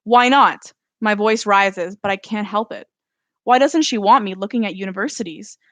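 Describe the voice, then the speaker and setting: A woman reads her own novel aloud in an even, steady first-person narration. Her voice sits at a middle pitch, and it is recorded close and dry, as on a live stream from home. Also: normal speed, no room sound. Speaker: author.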